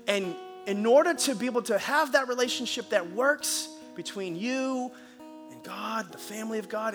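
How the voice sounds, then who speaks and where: A man preaching as a pastor, telling a lively story and then leading a hushed, earnest prayer in a church. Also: high-pitched. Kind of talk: sermon with storytelling and altar call. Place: church auditorium.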